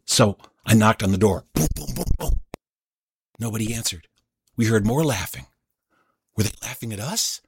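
A man's voice: lowish voice, moderate pace, background noise. A man telling a childhood story as a stage storyteller, acting out each voice. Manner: animated, acts out every voice. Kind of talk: told story performance.

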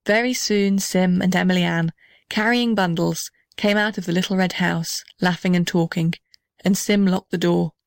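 A woman narrating a children's storybook in a clear, measured storytelling manner. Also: on the low side, fairly even intonation, dry recording, studio quality. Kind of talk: storybook reading.

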